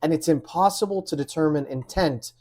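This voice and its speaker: A man hosting a casual interview show, chatty and quick to laugh, telling stories from home. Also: on the high side, darkish tone. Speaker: podcast host.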